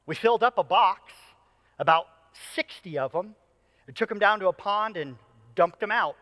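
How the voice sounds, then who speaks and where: A man in his thirties preaching a sermon as a pastor, an animated storyteller who jokes with the congregation. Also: high-pitched, normal speed, long reverb tail. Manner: animated storyteller, playful and joking. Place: church auditorium.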